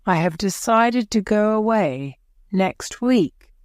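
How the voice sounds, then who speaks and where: A woman reading the lines of a weary, sad king who is giving up his throne, in a slow, gentle, sorrowful voice. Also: medium pitch, expressive, no room sound, studio quality, pitched above the performer's own voice.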